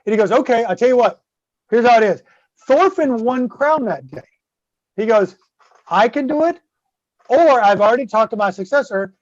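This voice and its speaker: A man's voice: extremely high pitch, animated, normal speed, pauses often, dry recording. Rambling, swearing man telling a story. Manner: rambling, swears constantly, keeps asking "right?". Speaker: guest host telling a story. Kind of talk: casual profane storytelling. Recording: dull, dry close-mic sound.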